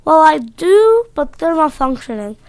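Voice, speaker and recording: A woman's voice: sits high, very animated, unhurried, darkish tone, dry recording, exaggerated voice. Woman voicing a jittery time-traveling boy. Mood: worried.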